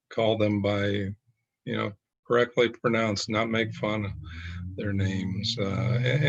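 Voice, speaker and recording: Slow, gravelly-voiced male pastor. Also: on the low side, dull audio. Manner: slow, halting, many fillers. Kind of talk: reflective group discussion.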